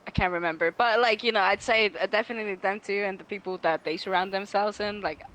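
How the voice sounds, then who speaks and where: A woman's voice: mid-range voice, fast talker, slight background noise, rough recording. A young woman from Finland chatting casually on a podcast, acting out the people she quotes. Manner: animated, acts out quoted voices. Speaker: podcast guest. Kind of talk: casual chat.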